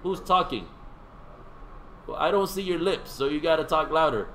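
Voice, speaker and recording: A man's voice: a little high, lively intonation, moderate pace, pushed and bright, slight background noise, poor audio. A man teaching a seminary class in a conversational lecture, quizzing his students and making joking asides.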